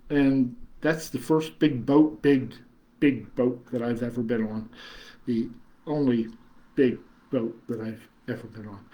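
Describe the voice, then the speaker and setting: A man's voice: medium pitch, darkish tone. Rambling man, chatty host. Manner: rambling, chuckling, many fillers and restarts. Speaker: horror host reading live chat. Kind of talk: casual livestream chat.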